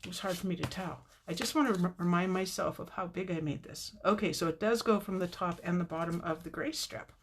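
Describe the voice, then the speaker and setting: A woman's voice: lowish voice, fairly quick, few pauses, a little hiss or hum. A woman hosting a casual live card-making tutorial, chatting to viewers by name and laughing often.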